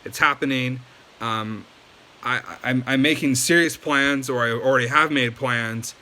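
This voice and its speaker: A man's voice: mid-range voice, unhurried, pushed and bright. A man giving a casual video lesson, loose and chatty with many ums and likes. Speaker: language teacher.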